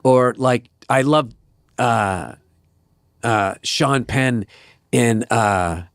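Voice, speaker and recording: A man's voice: medium pitch, drawn-out words, fairly bright tone, dry recording, clean studio sound. A middle-aged man, a comedian guest, telling rambling, profane anecdotes in a casual interview. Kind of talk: casual storytelling.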